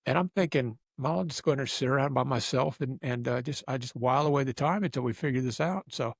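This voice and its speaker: A man's voice: medium pitch, fast, gravelly, slightly rough, no room sound, studio quality. Rambling man telling a story. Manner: rambling, self-deprecating, restarts a lot. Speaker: guest storyteller. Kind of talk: casual storytelling chat.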